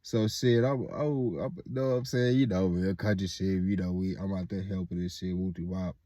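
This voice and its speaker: A man's voice: sits low, steady tone, normal speed, warm tone, no room sound, studio quality. A young man casually telling a story, rambling and full of filler words and swearing.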